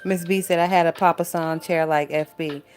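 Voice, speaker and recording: A woman's voice: lowish voice, steady tone, normal speed, a little mellow. A young woman hosting a casual commentary stream, swearing, laughing and sounding exasperated as she reads chat comments. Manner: profane, exasperated, laughs a lot. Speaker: YouTube commentary host. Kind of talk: casual reaction commentary reading live chat. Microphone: phone.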